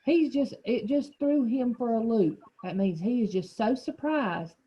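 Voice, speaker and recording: A woman's voice: a little high, unhurried, mellow, husky, muffled recording. A woman teacher leading a small reading group over a video call, asking questions and explaining words patiently.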